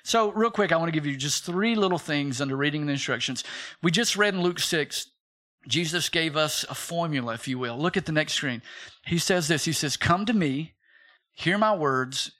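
A man in his thirties preaching a sermon, his voice bright and pitched a touch above the usual male range. He tells stories lively, acting out the people he quotes, and calls on the listeners to repeat lines back to him. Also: normal speed. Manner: animated storytelling with acted quotes, calls for congregation response. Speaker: pastor.

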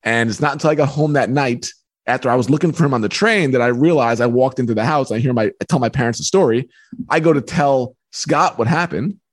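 A man, a book author and podcast guest, telling a personal story in a lively way. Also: mid-range voice, brisk. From New York. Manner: lively, acts out voices in anecdotes. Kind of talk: animated storytelling.

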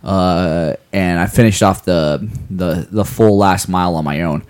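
A man's voice: low-pitched, measured pace, a little mellow, clean tone. A man on a podcast talking about his kids and running in a rambling, playful way, often restarting sentences. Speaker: podcast co-host. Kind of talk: casual chat.

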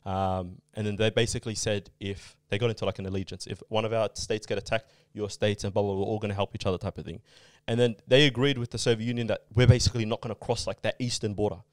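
A man's voice: fairly low pitch, fairly even intonation, quick pace, hardly any pauses, dry recording. A man in casual podcast chat, explaining at length with many fillers and asides. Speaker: podcast co-host.

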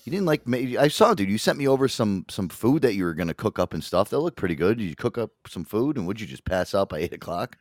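Animated low-voiced man hosting. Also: fast talker, hardly any pauses, no room sound, clean studio sound. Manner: rambling, swears often, animated. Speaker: podcast host. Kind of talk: casual chat.

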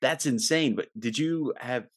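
A man's voice: mid-range voice, a little slow. A man hosting a casual podcast chat, enthusiastic and chatty, laughing easily.

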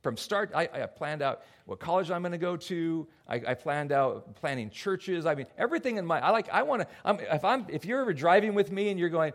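An older man delivers a sermon as pastor, his voice sitting a little high for a man. He tumbles over repeated words as he restarts his sentences. He jumps into little acted-out voices to make his points. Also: fairly quick, hardly any pauses. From United States. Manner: animated, acts out quoted voices. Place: church hall before a congregation.

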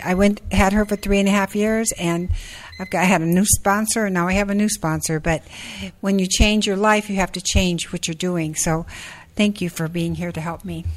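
A woman in her sixties sharing her story at a support group meeting, halting, with many fillers and restarts. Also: on the low side, poor audio. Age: 60s. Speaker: meeting speaker.

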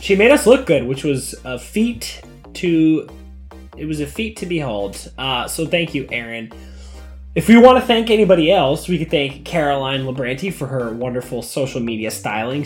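A man's voice: on the high side, animated, normal speed, soft background music. A man co-hosting a casual podcast, reacting with enthusiastic exclamations and running the sign-off. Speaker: podcast co-host.

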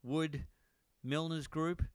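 A man's voice: on the high side, steady tone, slow, smooth, no echo. A man co-hosting a casual podcast over a video call, teasing his co-host and asking him questions with a laugh.

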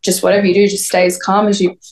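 A young podcast guest's mid-range, darkish voice moves quickly with little pitch variation, over a slight hiss or hum. She tells an interviewer about her own experience, rambling, peppered with "like," and quoting others.

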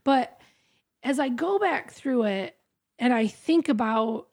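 Female podcast guest, middle-aged, slightly high, candid and emotional testimony. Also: lively intonation, takes it slowly, darkish tone. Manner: candid, emotional, quotes her own thoughts aloud. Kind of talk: personal testimony interview.

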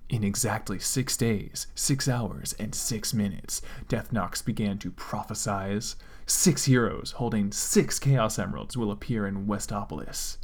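A man dramatically reading fan fiction aloud, with deadpan asides. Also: lowish voice, a little slow, hardly any pauses, breathy edge. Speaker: comedic fanfic reader.

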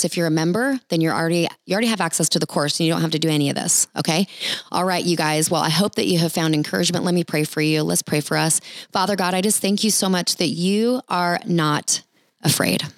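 A woman's voice: low voice, dry recording. A woman ministry leader giving an encouraging talk with prayer, earnest and chatty, speaking straight to the listeners.

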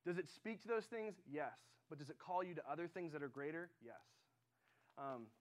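A man's voice: a little high, lively intonation, moderate pace. Casual man preaching to a youth group. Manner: casual, conversational, many fillers. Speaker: high school director. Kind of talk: youth sermon.

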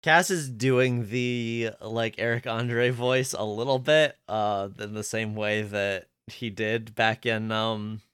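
A man's voice: fairly low pitch, steady tone, a bit bright, smooth, no room sound. A man co-hosting a podcast, recapping episodes in casual chat, often laughing and restarting his sentences. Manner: laughing, trailing off, halting restarts. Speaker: podcast co-host.

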